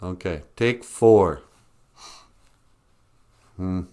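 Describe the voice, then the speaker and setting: A man hosting a podcast in a rambling solo monologue, chuckling often and jumping into high mocking voices for quoted people. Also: very slow, dark tone, smooth. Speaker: podcast host.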